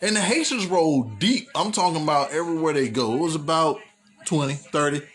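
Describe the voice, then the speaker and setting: Man, podcast host, high-pitched, very animated, profane casual storytelling, wrestling recap. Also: brisk. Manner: animated, profane, jumps into high-pitched voices when quoting people.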